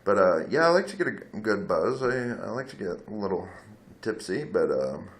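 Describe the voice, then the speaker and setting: A man's voice: fairly low pitch, sing-song, moderate pace. A man telling a rambling personal story into his phone camera, candid and blunt, swearing freely and wandering off on tangents. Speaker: vlogger.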